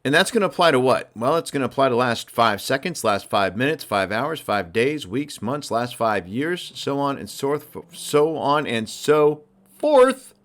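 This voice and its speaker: Man, motivational podcast host, emphatic, conversational, mid-pitched voice. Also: moderate pace, hardly any pauses. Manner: energetic, emphatic, conversational, uses "literally" and "like". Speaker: sales coach and podcast host.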